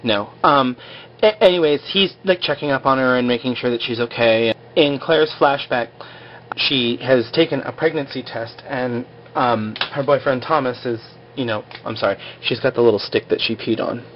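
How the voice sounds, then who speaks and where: A man's voice: medium pitch, moderate pace, a little hiss or hum. A man casually recapping a TV episode in a rambling way, full of fillers, on a slightly dull lo-fi recording. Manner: rambling, full of "like" and "you know".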